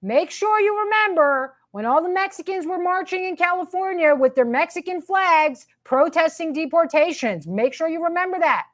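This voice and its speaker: Host, female, high voice, indignant sarcastic rant with hammering repetition. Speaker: commentary host. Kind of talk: ranting political commentary.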